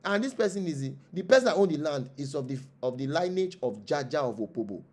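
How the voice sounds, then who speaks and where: This traditional spiritual leader, a man with a Nigerian accent, talks quickly and with animation in a slightly high, darkish voice. As an interview guest, he preaches passionately, leaning on rhetorical questions and repetition.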